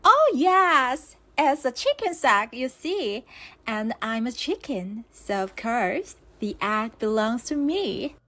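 A fussy, proud storybook hen who squeaks way up high. She drags every word out slowly and sing-song, laying claim to what she thinks is hers. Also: big pitch swings, fairly bright tone, full character voice. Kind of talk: storybook voice acting.

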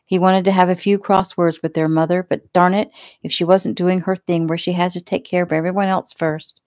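A woman author reading her own novel aloud in a relaxed, homey way. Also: lowish voice, brisk, no room sound, clean studio sound. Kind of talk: casual audiobook narration.

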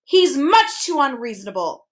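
Storybook role: a woman doing a blustering, hot-tempered math wizard who roars, pitched high. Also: normal speed, a bit bright, close to an everyday voice. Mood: furious. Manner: bellowing, huffy outbursts.

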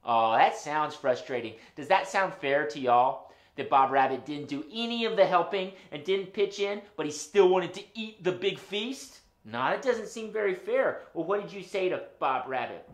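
A man hosting a children's puppet show, talking to the kids at home in an animated, sing-song way. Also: a little high, normal speed. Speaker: children's entertainer host. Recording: roomy room echo.

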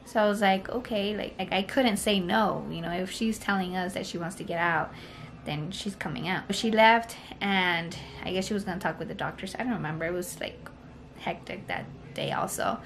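A woman's voice: fairly low pitch, moderate pace. A young woman telling a personal story to camera in a casual vlog, rambling and full of "like" and "you know". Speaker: vlogger.

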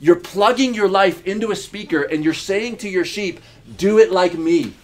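Emphatic preaching man, fairly high voice. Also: moderate pace. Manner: emphatic preaching with repeated phrases and rhetorical questions. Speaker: pastor. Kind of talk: sermon. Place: church in Uganda.

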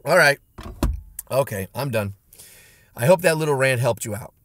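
This martial arts instructor and channel host gives a punchy, emphatic motivational talk to camera, dropping blunt pep-talk lines in a medium-pitched, fairly bright voice with lively intonation. He talks at normal speed, and there's a little hiss or hum.

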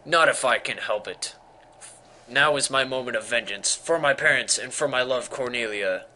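A man's voice: medium pitch, normal speed, rough recording. A man voicing a vengeful young male knight in a stage play, speaking in archaic, theatrical lines. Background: loud game music.

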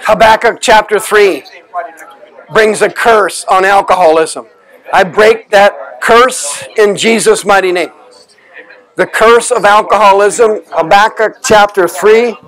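High-voiced man shouting commands in prayer. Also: takes it slowly, low-quality recording. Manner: forceful, commanding, often shouting. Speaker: minister leading deliverance prayer. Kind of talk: loud deliverance prayer and commands. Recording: crowd noise behind.

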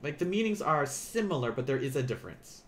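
A man teaching a beginner Japanese lesson on a live stream, explaining in a relaxed, chatty way with many fillers and restarts. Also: medium pitch, brisk, a little hiss or hum.

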